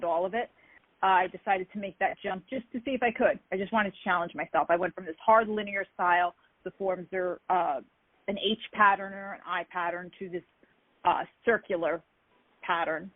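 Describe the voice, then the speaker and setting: A woman guest in an interview telling lively stories from her career, acting out the dialogue of people she quotes. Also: lowish voice, no room sound. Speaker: interview guest, martial artist. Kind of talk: casual storytelling interview. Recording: tinny phone-like dry sound.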